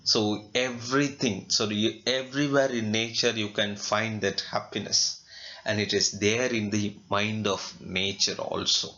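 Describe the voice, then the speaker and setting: A male literature teacher with an Indian English accent, explaining a poem line by line in a slow lecture, asking himself questions and adding fillers. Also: on the low side, fairly even intonation, bright, forceful tone. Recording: dull lo-fi recording.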